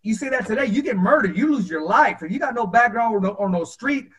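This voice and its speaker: A man hosting a boxing talk show, reading a listener's memory and telling a story from ringside with animated acted-out quotes. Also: high voice, fast. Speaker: podcast host. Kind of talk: storytelling in casual interview.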